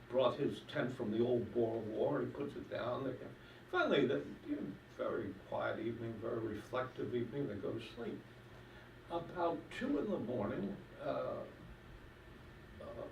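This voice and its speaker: A man's voice: medium pitch, creaky. A man telling jokes on stage at a talent show in a hall, rambling with fillers and putting on voices for the characters. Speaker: stand-up comedian. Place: senior center hall. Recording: echoey hall from far off, faint noise.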